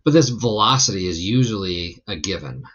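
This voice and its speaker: Male physics teacher, low voice, loose chatty lecture delivery with fillers. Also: normal speed, muffled recording. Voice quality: gravelly when relaxed. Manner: loose, rambling explanation with many fillers. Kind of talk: recorded lecture.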